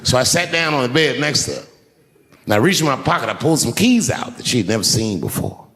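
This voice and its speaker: A man doing stand-up storytelling on stage into a handheld microphone, swinging from hushed asides to shouted punchlines. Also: medium pitch, wildly swooping pitch, quick pace, husky, long reverb tail. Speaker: stand-up comedian. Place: live show on stage before a large audience.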